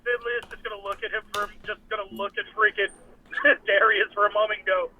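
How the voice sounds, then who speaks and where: High-voiced man narrating tabletop play. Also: level tone, fast, pushed and bright, slight background noise, low-quality recording. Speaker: tabletop game player.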